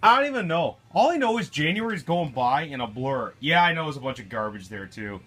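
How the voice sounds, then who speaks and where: A man's voice: on the high side, sing-song, brisk, a bit bright. A middle-aged man who runs a hobby shop, rambling and joking through a casual vlog monologue about new stock.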